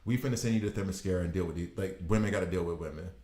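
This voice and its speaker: A man putting on the voice of an annoyed grown male superhero who talks in a quick, dismissive way. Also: sits low, dark tone, pitched below the performer's own voice, close to an everyday voice. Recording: roomy echo.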